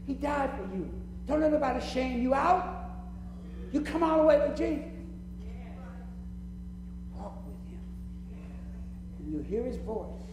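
A woman with a high-sitting, very animated voice speaks a little slowly and pauses often, with background noise, echo, and music behind her in a church hall. She preaches a fervent sermon to the congregation, repeating phrases for emphasis, chuckling often, and acting out scenes.

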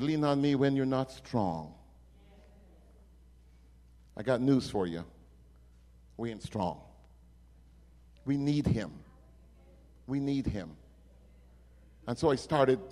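A man preaching a sermon, telling stories dramatically and swinging from hushed lines to loud ones. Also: mid-range voice, lively intonation, slow pace, pauses often. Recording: long reverb of a hall.

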